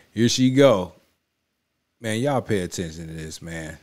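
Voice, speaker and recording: A man's voice: low-pitched, expressive, measured pace, a little mellow. A man hosting a reaction video, talking in an emphatic, repetitive, casual way and often checking in with his listeners. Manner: emphatic, repeats himself, keeps saying "you know what I'm saying". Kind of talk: casual spoken commentary.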